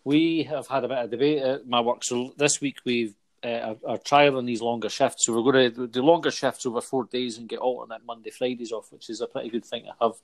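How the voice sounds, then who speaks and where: A man's voice: medium pitch, steady tone, brisk, few pauses. Man, Scottish accent, young adult, podcast host, jokey, chatty. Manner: jokey, chatty, laughs often. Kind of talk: casual football chat.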